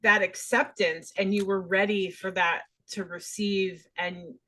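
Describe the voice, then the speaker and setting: A woman hosting a podcast interview, asking soft, encouraging follow-up questions. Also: mid-range voice, fairly even intonation, a little slow, poor audio. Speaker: podcast host.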